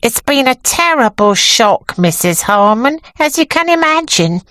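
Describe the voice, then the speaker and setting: A woman's voice: on the high side, sing-song, measured pace, a bit bright, no echo, pitched above the performer's own voice. A woman reading an audiobook, voicing a flashy, mean middle-aged woman with a thin, reedy voice. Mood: complaining.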